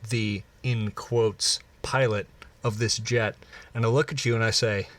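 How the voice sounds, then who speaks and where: A man's voice: lowish voice, steady tone, unhurried, fairly bright tone. Laughing man improvising a crude story. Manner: laughs often, joking and crude. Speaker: podcast co-host.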